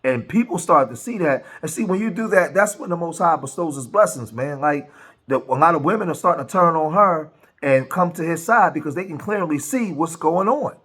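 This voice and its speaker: A man's voice: on the high side, lively intonation, fairly quick, a bit bright, breathy edge. A man hosting commentary on a played clip, speaking in an earnest, moralizing way. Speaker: commentary channel host.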